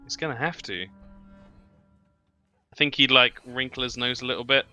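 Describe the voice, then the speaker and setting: A man playing a tabletop game, calmly describing his character's actions. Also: medium pitch, moderate pace, faint music behind. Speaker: player. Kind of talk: casual tabletop role-play.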